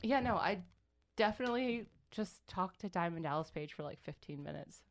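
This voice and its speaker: A woman's voice: lowish voice, lively intonation, normal speed. A woman from the Baltimore area co-hosting a podcast with her sisters, chatting casually, rambling and laughing often. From Baltimore, Maryland area. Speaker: podcast co-host. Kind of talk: casual chat among sisters.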